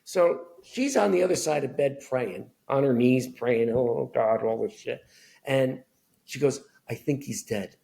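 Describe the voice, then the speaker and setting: A middle-aged man telling candid family stories as a podcast guest, animated, acting out voices of relatives. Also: mid-range voice, unhurried, creaky. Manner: animated storyteller, acts out family members' voices. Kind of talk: candid storytelling conversation.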